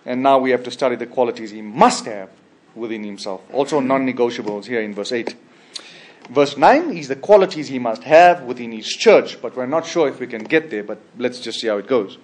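A man preaching a sermon as a pastor, emphatic, with sudden loud high bursts, quiet trailing endings and frequent restarts. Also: animated, a little fast. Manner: frequent restarts and repeated words. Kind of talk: expository sermon.

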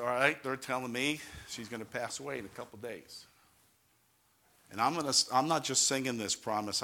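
An older man from New York with a New York accent, a pastor giving a fervent testimony sermon, rising to loud exclamations and calling for amens. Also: medium pitch.

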